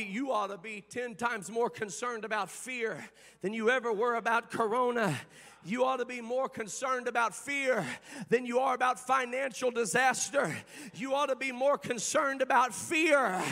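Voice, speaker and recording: A man preaching a sermon with fervor, moving from quiet talk to shouting and half-singing. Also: very high voice, normal speed, creaky, long reverb tail.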